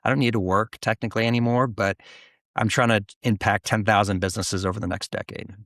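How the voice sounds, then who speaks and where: Chatty middle-aged man with a low voice. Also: quick pace, no echo, clean studio sound. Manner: animated, restarts often, acts out quoted voices. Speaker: guest, business founder. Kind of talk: casual interview storytelling.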